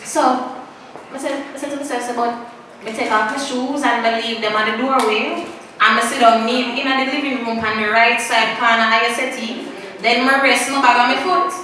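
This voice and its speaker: A woman with a Jamaican Patois accent performs spoken-word poetry at an open mic, theatrical and swinging between loud bursts and hushed asides, slowing right down to stress her lines. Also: on the high side, steady tone. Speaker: performance poet. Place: open-mic stage in an echoing room. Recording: very echoey room, distant mic, faint noise.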